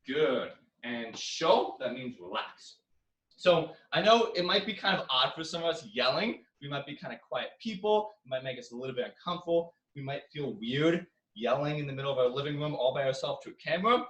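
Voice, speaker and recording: Young male karate instructor, highish voice, coaching drills in an echoey living room off-mic. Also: big pitch swings, normal speed, recorded from a distance. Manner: coaching, counting drills with loud yells. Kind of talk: online exercise class.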